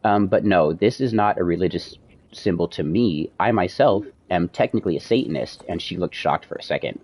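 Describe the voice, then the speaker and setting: A man with a low, breathy-edged voice talks briskly on a stream, casually telling a long personal story. He acts out the dialogue in an animated, profane retelling full of swearing and quoted lines.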